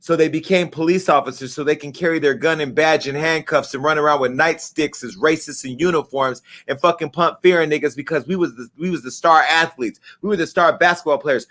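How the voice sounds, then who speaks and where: On his live stream, a middle-aged host rants with anger, emphasis and plenty of swearing. His voice sits fairly high and sounds a bit bright.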